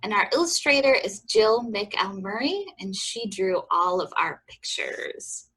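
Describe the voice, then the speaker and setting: A woman librarian reading a picture book aloud at children's story time, expressive and rhythmic, with chatty asides to the kids. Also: medium pitch, unhurried, slightly rough. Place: library program.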